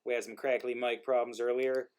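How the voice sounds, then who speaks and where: A playwright hosting an online play reading chats casually over a video call mic, rambling and self-deprecating. His voice is mid-range, smooth, and brisk with a level tone.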